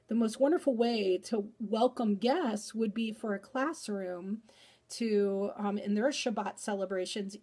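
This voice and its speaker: A woman educator reading a picture book aloud with lively expression, then chatting about it with fillers. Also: a little high. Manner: animated storyteller, chatty with fillers afterward. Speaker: early-childhood educator.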